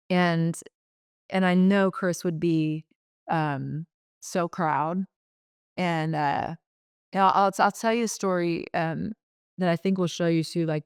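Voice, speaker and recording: A middle-aged woman, a podcast guest, telling a personal story in a heartfelt, halting way, with many fillers and restarts. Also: lowish voice, smooth, dry recording, clean studio sound.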